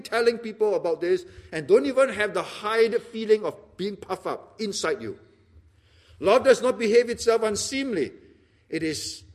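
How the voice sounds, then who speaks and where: Animated high-voiced preacher. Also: male voice. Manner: animated, acts out little dialogues, laughs often. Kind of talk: sermon.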